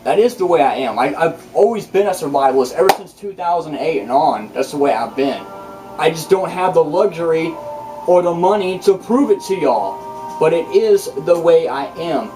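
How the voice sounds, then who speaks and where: A channel host with a slightly high, expressive voice rambles through a casual vlog monologue at a moderate pace, boasting, swearing, and restarting often. He's picked up by a distant mic, with loud music playing behind him.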